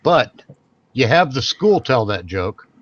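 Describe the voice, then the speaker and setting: A man's voice: mid-range voice, sing-song, slow pace, dull audio. A man co-hosting a podcast in casual chat, rambling, repeating and restarting his phrases as he goes. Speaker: podcast co-host.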